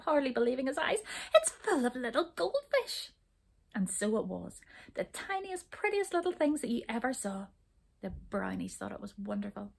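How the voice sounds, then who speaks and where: A woman's voice: medium pitch, gravelly, husky. A woman reading a children's storybook aloud, narrating expressively.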